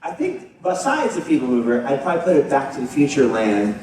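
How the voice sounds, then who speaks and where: A man speaking on a convention panel, animated and playful, often laughing as he talks. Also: mid-range voice, a little fast. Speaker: panel guest. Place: large convention hall. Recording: echoey hall, voice from far off, with the crowd audible. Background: audience in the hall.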